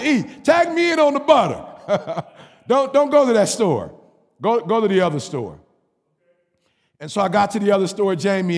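Male pastor, animated sermon storytelling, gravelly voice, long hall echo. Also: sits high. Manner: animated, repetitive call-and-response preaching. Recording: reverberant hall.

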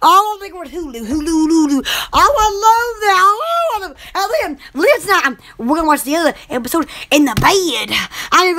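A woman hosting a rambling, casual live chat with viewers, gushing with excited exclamations. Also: very high voice. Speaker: live-stream host chatting with viewers.

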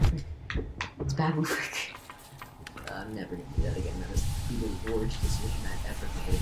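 Woman let's-play host, very deep voice, rambling and self-mocking, in a roomy room with background noise. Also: animated, brisk, loud music behind the voice. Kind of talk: casual gameplay commentary.

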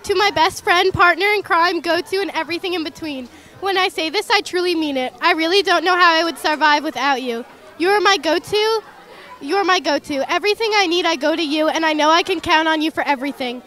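A woman's voice: extremely high pitch, fast, pushed and bright. A young woman reading a heartfelt written speech to her best friend, earnest and affectionate. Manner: earnest, reads from a written note. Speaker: best friend giving a toast.

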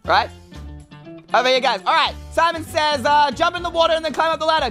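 A woman's voice: sits high, fairly bright tone, faint music behind. A woman hosting a game of Simon Says, calling out commands in a bubbly, teasing way. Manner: bubbly, teasing, quick calls. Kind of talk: excited game commentary.

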